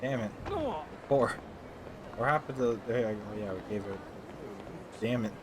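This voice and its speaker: A man's voice: lowish voice, unhurried, noisy background. A man giving casual, rambling let's-play commentary, joking and swearing as he plays. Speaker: gamer. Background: game music.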